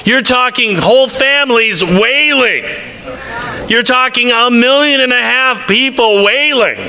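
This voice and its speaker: A man preaching a sermon as pastor, reading scripture aloud and acting out the quoted voices with lively emphasis. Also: extremely high pitch, unhurried.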